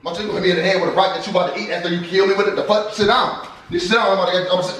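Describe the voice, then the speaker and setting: A man's voice: high voice, fairly even intonation, racing, fairly bright tone, slight background noise. A man ranting in a prank vlog, profane, stuttering and repeating himself. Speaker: vlogger, husband. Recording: echoey room, mic at a distance, music under it.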